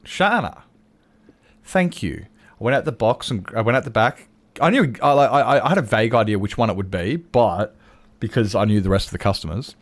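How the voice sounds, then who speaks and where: An Australian man streaming a game and chatting casually, telling animated stories and acting out other people's lines, with chuckles and restarts. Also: lowish voice, quick pace. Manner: animated storyteller who acts out customers' lines; frequent chuckles and self-interruptions. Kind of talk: casual chat while gaming.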